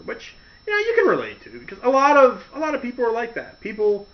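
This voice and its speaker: Speaking extremely high and fast, a male host tells stories on his show in a casual, comedic style. He's animated, laughs often, and fills the talk with impressions. The recording is dull and lo-fi.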